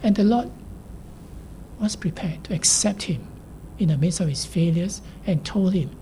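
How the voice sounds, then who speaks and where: Woman preacher, low mellow voice, measured and emphatic, soft near-whispers, faint hiss behind. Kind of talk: sermon.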